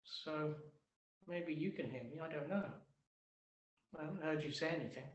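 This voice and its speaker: A man's voice: a little high, moderate pace, roomy sound, lightly acted. A man voicing a bitter, furious old male tree that wails, sobs and rants indignantly at God. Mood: grumbling confiding. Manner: wailing, shouting, sobbing outbursts. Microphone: video call.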